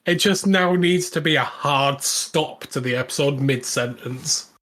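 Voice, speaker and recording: A man co-hosting a podcast in an easygoing manner, quick to laugh along. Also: a little high, fairly bright tone. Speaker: podcast co-host. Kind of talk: casual banter.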